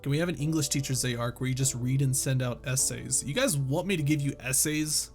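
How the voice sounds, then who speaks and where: A man's voice: medium pitch, a little fast, a little mellow, faint music behind. A man streaming casually, reading a novel aloud to chat while joking, swearing and laughing between lines. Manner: joking, swears freely, lots of laughing asides.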